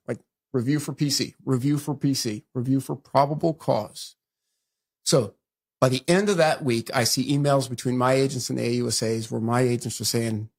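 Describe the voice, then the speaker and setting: A middle-aged man, a guest on an interview show, telling a story in a brisk conversational way and acting out the lines people said to him. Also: medium pitch, fairly even intonation, darkish tone. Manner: fast retelling that acts out quoted dialogue.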